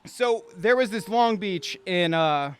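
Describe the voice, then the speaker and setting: A man's voice: high-pitched, expressive, slow pace, smooth. A young man telling a wild story with lots of swearing, acting out the quotes and laughing as he goes. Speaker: guest storyteller, singer and producer. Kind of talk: animated anecdote telling.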